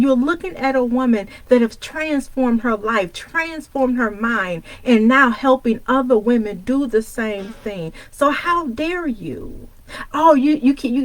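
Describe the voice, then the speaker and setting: A woman from Detroit delivers a fiery motivational sermon, confronting the listener with one rhetorical question after another. Her voice sits a little high, and the sound is dry and close with no room echo. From Detroit, United States. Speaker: motivational speaker and coach. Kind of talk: preaching motivational talk.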